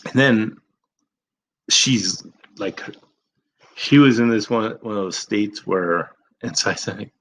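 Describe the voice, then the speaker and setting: A man's voice: on the low side, takes it slowly, long pauses, fairly bright tone, rough recording. A young man telling a personal story in a rambling, self-deprecating way, swearing freely. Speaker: vlogger. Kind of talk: casual storytelling.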